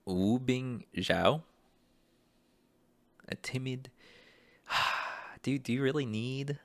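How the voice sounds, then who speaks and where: A young aspiring voice actor browses voice acting jobs in a casual screen-share vlog, rambling in a hesitant, self-deprecating way. His mid-range male voice is a bit bright and very slow, and the recording is dry.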